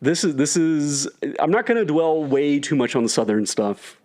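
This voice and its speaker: A man co-hosting a podcast, chatting casually about a film in an animated, wry way and swearing freely. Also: a little high, normal speed. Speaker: podcast co-host. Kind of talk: casual film review chat.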